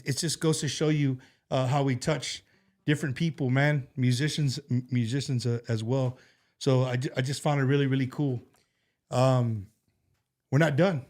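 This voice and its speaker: A man's voice: medium pitch, a little mellow. A man hosting a casual talk show, speaking in a rambling, heartfelt way with many restarts and fillers. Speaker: show host. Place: studio.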